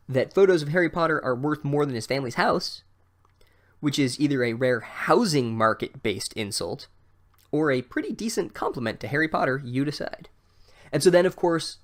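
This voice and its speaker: Sarcastic, profane male book recapper. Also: medium pitch. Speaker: podcast host.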